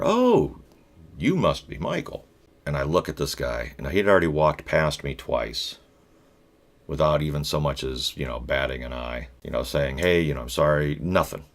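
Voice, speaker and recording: A middle-aged man vlogging, telling a rambling personal story in a blunt, profane way with wry asides and lots of halting restarts. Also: very deep voice, gravelly. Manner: halting, with many fillers and restarts.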